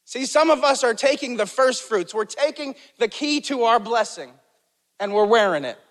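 The preacher's voice is high, a bit bright, and very animated, moving at a moderate pace. Preaching as pastor in a space with long hall reverb, he stresses and repeats key lines and prompts the congregation to respond.

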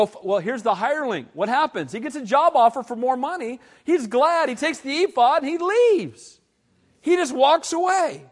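A man preaching a sermon as pastor, animated and asking the congregation questions. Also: extremely high pitch, long reverb tail. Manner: animated, asks the crowd questions.

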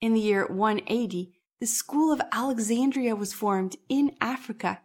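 Woman narrating a history podcast. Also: a little high. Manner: measured, explanatory. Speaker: podcast host.

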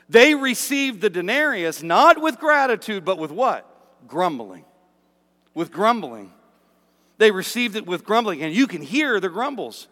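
High-voiced pastor guy preaching, swings all over in pitch, long echo of a big hall. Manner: animated, acts out grumbling workers in asides. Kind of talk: sermon.

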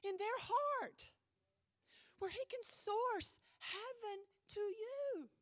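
A woman pastor preaching a sermon in a church, emphatic with dramatic pauses, her voice a little strained. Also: extremely high pitch, dry recording, studio quality. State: voice trouble, slightly strained.

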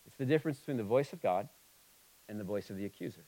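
A man preaching a sermon, moving between emphatic, passionate stretches and quiet, somber ones. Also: on the low side, animated, fast, low-quality recording. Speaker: pastor.

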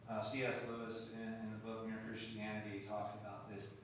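A man's voice: fairly low pitch, flat delivery, fairly quick, a little hiss or hum. A male pastor preaching in a conversational way and asking the congregation questions. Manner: conversational, asks the room questions. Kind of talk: sermon. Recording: echoey hall from far off.

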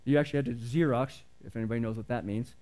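A man's voice: medium pitch, rapid-fire, warm tone. Earnest man preaching a sermon. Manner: earnest, conversational preaching with rhetorical questions. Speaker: pastor.

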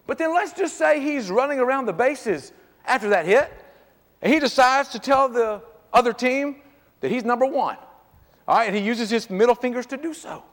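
A man's voice: very high-pitched, expressive, normal speed, a bit bright. A middle-aged man preaching a sermon as pastor, in a conversational style with frequent restarts and repeated words. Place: church sanctuary. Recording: church hall with long reverb.

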